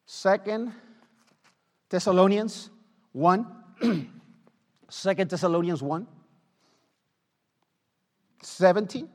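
A man preaching a fervent sermon in a strikingly high voice for a man. He repeats his lines for weight and swings between quiet, sober stretches and loud, pleading ones. His words ring out with a long reverb from a big hall. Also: expressive, takes it slowly, pauses often. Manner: impassioned, repetitive, swings from hushed to loud.

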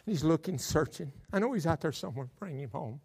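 A man's voice: fairly high pitch, lively intonation, quick pace, gravelly, a little mellow, breathy edge. A male pastor preaching a fervent sermon in a church, calling on the congregation to answer back. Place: church sanctuary. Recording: echoey church sanctuary.

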